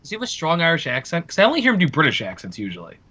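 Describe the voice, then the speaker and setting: A man's voice: fairly high pitch, huge pitch swings, rapid-fire, bright, forceful tone. Chatty man on a dull, lo-fi line. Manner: chatty, enthusiastic, repeats words when starting. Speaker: podcast co-host. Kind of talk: casual chat.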